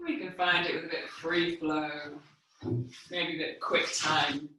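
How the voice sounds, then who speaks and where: Lady guiding a floor movement class, bright voice, far from the mic, big echo. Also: deep voice, slight background noise. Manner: calm, unhurried cueing while moving on the floor. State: a little out of breath from exercising. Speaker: movement teacher. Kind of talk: guided movement class instruction. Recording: echoey room, mic far off.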